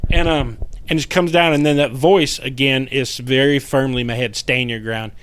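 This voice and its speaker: A man tells a story as a podcast guest, swearing freely and acting out every line of dialogue. His voice sits at an average pitch. The sound is dry and close, with no room echo. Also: moderate pace. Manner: animated, profane storyteller, acts out quotes. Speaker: guest paranormal investigator. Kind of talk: casual storytelling chat.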